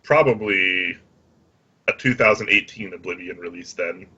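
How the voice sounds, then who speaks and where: A man hosting a casual podcast chat, relaxed and easygoing, asking follow-up questions. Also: deep voice, moderate pace, dull audio, slight background noise. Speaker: podcast host.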